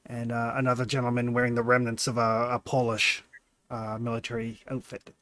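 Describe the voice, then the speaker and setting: A man's voice: medium pitch, monotone, a little fast, a bit bright, no room sound. A man narrating a tabletop game as game master, hesitant and full of fillers.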